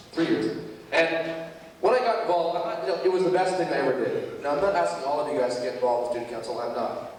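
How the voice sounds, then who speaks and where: A man with a slightly higher voice speaks to a school assembly and tells a lively story straight to the crowd. He is recorded from far off through a PA system in a big gym. The sound is full of echo and long reverb. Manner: animated storytelling that addresses the crowd directly. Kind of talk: speech to a student audience. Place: large school gymnasium.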